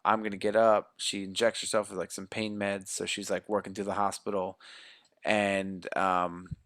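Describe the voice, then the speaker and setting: A podcast co-host with a low, fairly bright voice and a flat delivery at normal speed rambles and jokes while recapping the plot of a horror movie for a casual review chat. The sound is clean studio audio with no room sound.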